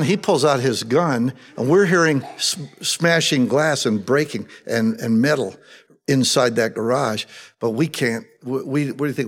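A middle-aged man preaching a sermon, animated and humorous, mixing scripture with personal stories. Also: mid-range voice. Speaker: pastor. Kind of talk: sermon with storytelling.

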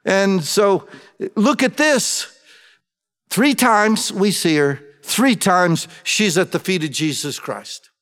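A man preaching a sermon as pastor, emphatic, swinging between loud urgency and hushed intensity. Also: high voice, lively intonation, takes it slowly, few pauses. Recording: long hall reverb.

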